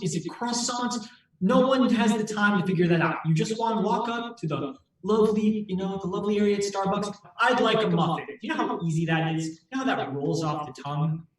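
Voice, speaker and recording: A man doing improv comedy as a mock lawyer, making a theatrical, persuasive closing argument. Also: high-pitched. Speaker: improv performer arguing for muffins. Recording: echoey room, far from mic.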